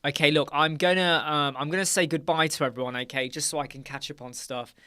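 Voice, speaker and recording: A man's voice: on the high side, fairly even intonation, brisk, sharp tone, clean tone, no echo, clean studio sound. A man hosting a casual live chat, reading out viewer comments and joking with them. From United Kingdom. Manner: chatty, jokey, reads viewer comments aloud and laughs often. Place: dark room with soundproof panels.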